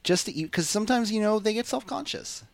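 Speaking fast in a high, creaky voice, this man co-hosts a wrestling podcast and rambles casually and animatedly, using plenty of fillers.

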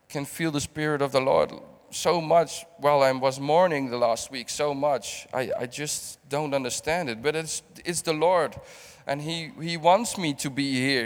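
A middle-aged man from the Netherlands preaching a heartfelt sermon, often repeating and restarting his words. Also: a little high. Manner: halting, repeats words, emotional testimony. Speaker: guest preacher. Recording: long hall reverb.

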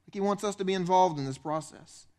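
Animated higher-voiced male pastor preaching. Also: fast. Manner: animated, acts out quoted voices with big pitch swings. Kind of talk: sermon. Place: church.

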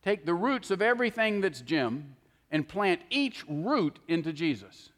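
A man delivers a sermon in an earnest, emphatic teaching manner. His voice sits a little higher than most men's. It rings out with a long hall reverb. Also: big pitch swings, measured pace, fairly bright tone. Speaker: preacher.

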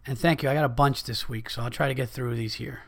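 A man's voice: mid-range voice, steady tone, fast talker, creaky. A man in his thirties hosting a podcast, ranting in a heated, profane comedic way and often restarting his sentences. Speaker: podcast host.

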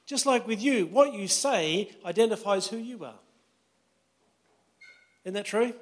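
A man's voice: high voice, lively intonation, measured pace. A pastor preaching a sermon in a conversational way, often checking in with his listeners.

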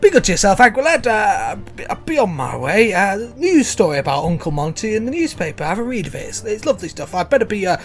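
A man putting on a sheepish high-voiced dwarf preacher. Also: big pitch swings, fast, hardly any pauses, faint music behind. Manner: high, hesitant, full of ums. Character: fast-talking sheepish male dwarf preacher, newly rich.

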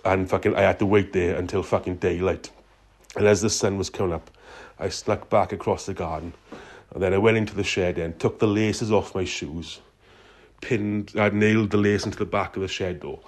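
A man with a deep, very low voice tells a meandering phone-in story. He drops swear words into almost every phrase, loose and unhurried. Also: steady tone. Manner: profane, swears constantly. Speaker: caller.

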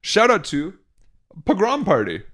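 A man's voice: high voice, huge pitch swings, measured pace, a bit bright. A man co-hosting a casual podcast, reading news items aloud with sarcastic asides. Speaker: podcast co-host.

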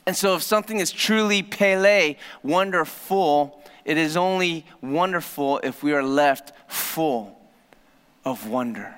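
A male pastor preaching a sermon, often dropping to a low, soft voice to stress a point. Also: animated, unhurried, clean tone. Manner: dramatic drops to a low soft voice for emphasis. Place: church hall. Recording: reverberant church hall.

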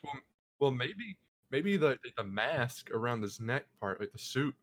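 A man's voice: medium pitch, very animated, a little slow, fairly bright tone. A man co-hosting a casual chat, rambling and laughing as he talks. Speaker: podcast co-host.

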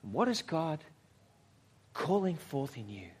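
Higher-voiced man preaching reflectively. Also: sing-song, husky. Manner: measured, reflective preaching with dramatic pauses and dropping to near-whispers. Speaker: pastor. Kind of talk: sermon. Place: church service.

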